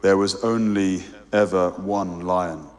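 A man voicing a huge ancient lion with a large, deep voice, speaking slowly and gravely as he reads aloud. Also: fairly even intonation, a little mellow. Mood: solemn. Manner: slow, grave, measured. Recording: long hall reverb.

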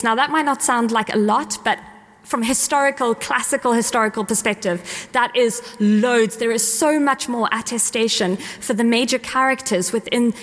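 A woman's voice: fairly high pitch, fairly bright tone, in a large hall. A woman giving an earnest, enthusiastic talk on faith to a live audience, often correcting herself mid-sentence.

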